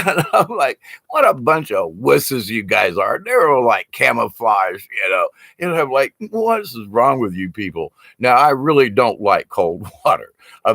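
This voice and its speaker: A medium-pitched, slightly bright male voice comes through clean studio sound with no room sound. The speaker, an older man on shamanism, tells casual, rambling stories about his teachings, laughing often and swearing now and then.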